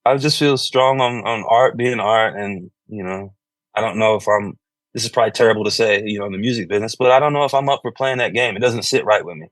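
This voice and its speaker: A man being interviewed about his music, talking loosely and filling pauses with "you know". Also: fairly low pitch, no room sound. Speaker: musician guest. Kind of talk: conversational interview.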